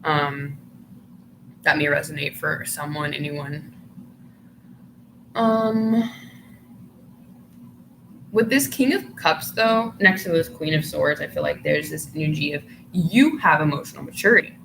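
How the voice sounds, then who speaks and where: A woman's voice: low-pitched, measured pace, creaky, long pauses, fairly bright tone, rough recording. A woman giving a casual tarot reading to her viewers, chatty and full of "like" fillers, who sometimes breaks into giggles. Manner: chatty, filler-heavy, often says "like". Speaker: tarot reader. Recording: noticeable background noise.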